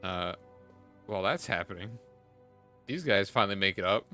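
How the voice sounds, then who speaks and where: A man runs a tabletop game in a chatty, laughing way, with lots of fillers between phrases. His pitch moves a great deal and his tone is bright. Faint music plays under his voice. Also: expressive, moderate pace. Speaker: game master.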